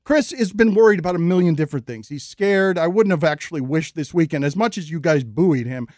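High-voiced animated man hosting a podcast. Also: fairly quick, no echo, clean studio sound. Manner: animated, rising into exasperated retellings. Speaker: podcast host. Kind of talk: casual chat.

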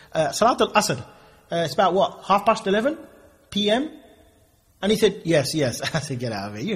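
A man delivers an informal sermon at a quick clip. His voice is husky and sits a little high. He slips into the voices of the people in his stories as he goes. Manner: animated storytelling, mimics people in quoted exchanges. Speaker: preacher. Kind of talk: informal sermon with acted-out dialogues.

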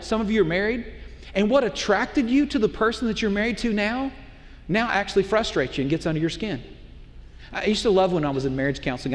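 A middle-aged male pastor preaching a sermon in a conversational way, often putting rhetorical questions to the congregation. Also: sits high. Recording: long hall reverb.

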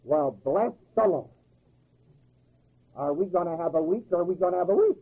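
A man's voice: high-pitched, lively intonation, moderate pace, husky. A man preaching a sermon in a folksy, emphatic way, firing rhetorical questions and chuckling at his own jokes. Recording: tinny phone-like old recording.

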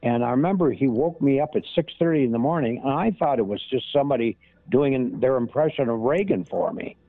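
An older man, an impressionist, telling showbiz anecdotes in a halting, storytelling way over a tinny line. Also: mid-range voice, dry recording. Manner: anecdotal, halting with many restarts. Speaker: impressionist guest. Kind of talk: casual interview storytelling. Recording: tinny phone-like line, dry.

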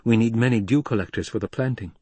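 A man voicing a proud, anxious young desert widow in a storybook reading, pitched above his own voice. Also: fast, a little mellow, slightly rough, dry recording, close to an everyday voice. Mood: wary.

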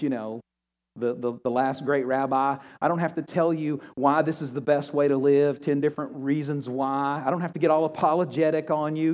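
A man preaching a sermon as pastor, telling stories in an animated way and acting out the voices he quotes. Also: medium pitch. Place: church sanctuary. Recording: long hall reverb.

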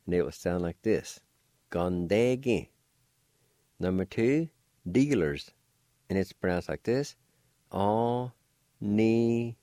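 Low mellow voice guy doing a slow radio language lesson, spells stuff out, dry studio sound. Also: very animated, no echo. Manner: spells letters and pronounces words slowly, repeating each. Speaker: language teacher on radio show.

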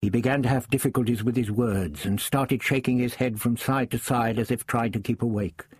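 A man reading a first-person story aloud in a measured, understated way. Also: medium pitch, fairly even intonation, darkish tone, slightly rough, no echo, clean studio sound. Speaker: audiobook narrator.

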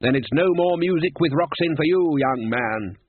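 A man's voice: on the high side, animated, normal speed, breathy edge, no room sound, pitched above the performer's own voice. A man voicing a blustering, bellowing old male head wizard in a storybook reading. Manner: bellowing, indignant. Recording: tinny phone-like sound.

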